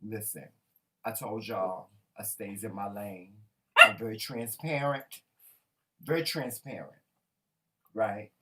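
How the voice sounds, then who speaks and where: A man co-hosting a casual talk show, animated and colloquial, often laughing as he tells stories. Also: lowish voice, slow pace, long pauses. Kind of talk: casual chat.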